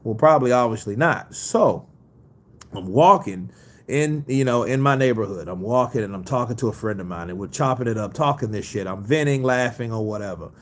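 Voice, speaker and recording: A man's voice: mid-range voice, expressive, brisk. A man hosting a casual boxing livestream, reading viewer comments in a loose, profane way and laughing easily. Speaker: boxing news host.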